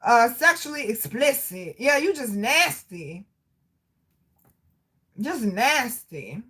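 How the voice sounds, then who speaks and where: A woman chatting live with her viewers. Her voice is bright and sharp and sits a little high. She swears freely, laughs often and talks with lots of energy. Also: slow pace, husky. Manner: animated, profane, frequent laughter, addresses viewers. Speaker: livestream host reading chat. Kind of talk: casual livestream chat.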